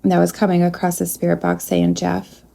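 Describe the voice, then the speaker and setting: A woman working as a psychic medium, talking softly in a spirit communication session and pausing to address an unseen presence. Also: fairly low pitch, completely flat delivery, vocal fry.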